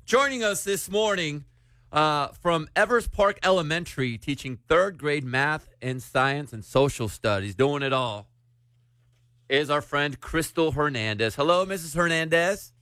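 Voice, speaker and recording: A man's voice: fairly high pitch, lively intonation, a little slow, bright, forceful tone, no room sound, studio quality. A man hosting a radio morning show, chatting casually and joking with a caller, with plenty of fillers. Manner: friendly, joking, filler-heavy.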